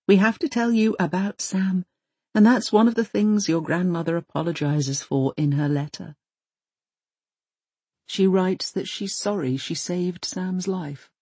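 A woman voicing a gentle, sorrowful elderly man in an audiobook. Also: on the low side, unhurried, slightly rough, dry recording. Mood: sad.

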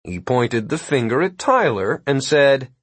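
A man narrating a comic fantasy audiobook in a steady, wry storytelling manner. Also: mid-range voice, unhurried, dry recording.

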